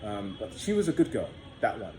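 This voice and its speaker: A young man spins a long personal story for his viewers, relaxed and rambling, swearing freely. His voice is mellow and dark-toned. The room rings with echo and a faint hiss sits underneath. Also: fairly low pitch, fairly quick. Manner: loose, profane, filler-heavy storytelling. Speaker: vlogger. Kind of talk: casual storytelling to camera. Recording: echoey room with faint background noise.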